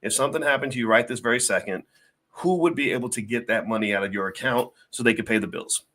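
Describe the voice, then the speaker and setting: A man's voice: medium pitch, quick pace, bright, forceful tone. A middle-aged man, a finance professor, hosting a livestream and talking to his chat in a folksy, preachy way, full of fillers and little acted-out scenes. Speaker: finance professor and show host. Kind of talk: livestream talk to chat viewers.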